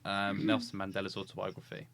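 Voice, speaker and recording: A young man appearing as a guest on a student radio show in casual chat. He laughs and teases a lot, and turns quieter when he gets serious. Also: low-pitched, completely flat delivery, quick pace, no room sound. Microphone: studio microphone.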